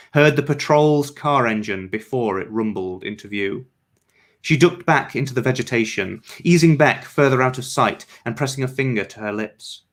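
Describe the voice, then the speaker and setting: A man reads his own story aloud at a measured pace. His voice sits mid-range for a man, and his narration is even and steady. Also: mid-range voice. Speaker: author. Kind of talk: reading fiction aloud.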